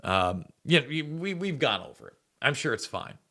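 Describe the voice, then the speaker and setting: A man's voice: mid-range voice, very animated, moderate pace, vocal fry, sharp tone. A man hosting a political commentary show, rambling and sarcastic, often stumbling and repeating words. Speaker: host.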